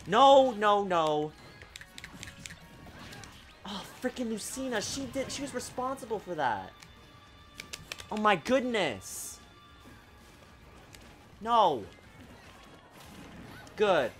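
A man giving live gameplay commentary, excitable and exasperated, breaking into sudden shouts. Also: sits high, very slow, pauses often, faint music behind. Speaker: gaming video creator.

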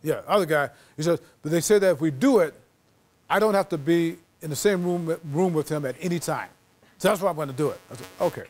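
A man's voice: fairly high pitch, fast talker, a little mellow. A middle-aged man giving a storytelling lecture to students as a guest author, acting out quoted dialogue. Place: lecture hall.

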